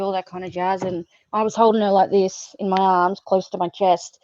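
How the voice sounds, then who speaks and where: A woman's voice: medium pitch, little pitch movement, brisk, hardly any pauses, a little mellow, no room sound, highs cut off. A woman, a podcast guest frankly telling her own story with lots of fillers and swearing. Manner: frank and blunt, swears freely, many fillers. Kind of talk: candid personal storytelling.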